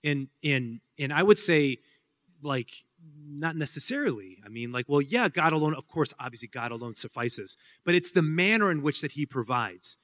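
A man's voice: on the high side, animated, normal speed, fairly bright tone. A man giving a casual Q&A talk to students, rambling with many fillers and joking asides. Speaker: speaker answering student questions. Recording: hall with long reverb.

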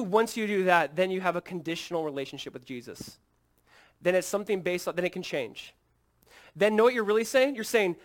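Earnest pastor preaching, soft to loud. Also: male voice, high-pitched, fairly quick. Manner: earnest, swings from hushed to loud and emphatic; acts out quoted lines in a lively, casual way. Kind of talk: sermon.

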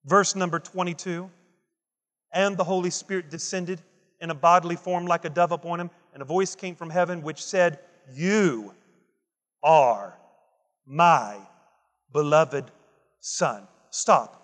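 A man's voice: a little high, a little slow, long pauses, long reverb tail. A man preaching a Father's Day sermon, emphatic and repetitive, building intensity as he quotes scripture. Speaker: pastor.

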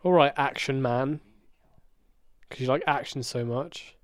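A man co-hosting a casual podcast, playful and quick to laugh while watching a TV episode. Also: medium pitch, no room sound. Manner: laughing, playful, does silly impressions. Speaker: podcast co-host.

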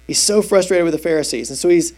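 A male preacher with a high-pitched voice teaching through scripture in a loose, conversational way. He throws questions out to the audience and uses plain everyday words to explain each verse. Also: fast talker, a little mellow. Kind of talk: expository sermon.

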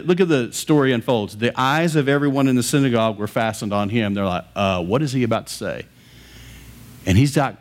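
Male pastor, mid-pitch voice, lively conversational sermon delivery. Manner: animated storytelling, conversational preaching.

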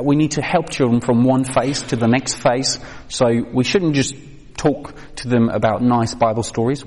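A man's voice: mid-range voice, a little mellow. A man giving a training talk on children's faith to a live audience, conversational with many fillers and questions to the room. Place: hall with an audience. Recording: reverberant hall.

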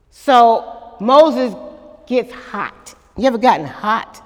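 A woman's voice: fairly high pitch, lively intonation, takes it slowly, big-room sound. A woman pastor preaching a sermon at a church service, with dramatic call-and-response to the congregation.

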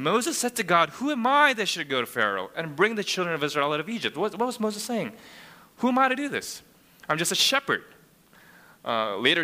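A man preaching a sermon, his voice very bright and slightly higher than most men's. He works through scripture in an expository way, keeps asking his listeners rhetorical questions, and his words ring out with a long reverb from a large church hall. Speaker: pastor.

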